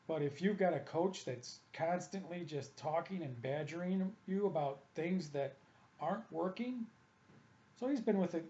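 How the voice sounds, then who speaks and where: A man's voice: on the high side, a little mellow, highs cut off. A man, a hitting coach, delivering a combative, opinionated monologue that keeps circling back to the same complaints. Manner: combative, ranting, repetitive.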